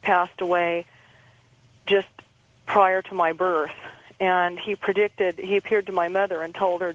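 Appearing as an interview guest, a woman with a lowish voice calmly recounts a personal experience, halting and repeating her words. Her delivery stays even and flat with little rise and fall, and the audio sounds muffled, like a phone line.

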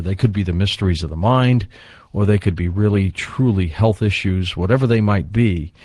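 A man hosting a late-night call-in radio show, talking in a relaxed, chatty way with callers. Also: low voice, no room sound, clean studio sound. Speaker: radio talk show host.

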